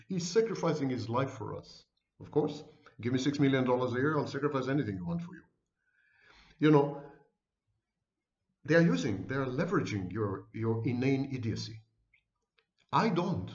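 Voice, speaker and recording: A man's voice: mid-range voice, echoey room, muffled recording. A man delivering a scornful, emphatic monologue to his viewers as host of his own channel. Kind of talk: direct-to-camera monologue.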